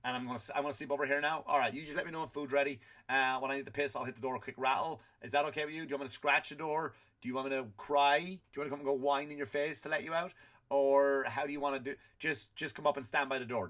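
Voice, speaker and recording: A man's voice: mid-range voice, fairly bright tone, pitched above the performer's own voice, lightly acted. A man voicing an easygoing adult male dog who talks in a casual, chatty, matter-of-fact way.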